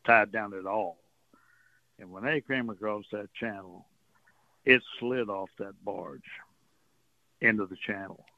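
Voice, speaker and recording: A man from the Texas coast, guesting on a radio show by phone, tells folksy, meandering stories and often chuckles. His lowish voice is unhurried, with long pauses, and the tinny line carries no room sound.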